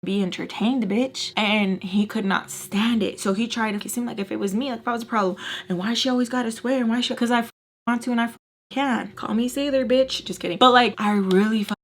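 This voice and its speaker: A woman's voice: a little high, fairly even intonation, fairly quick, slight background noise. A woman telling a story in a casual, blunt, heated way, swearing a lot and saying "like" constantly. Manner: heavy swearing, frequent "like" fillers. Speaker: storytime vlogger.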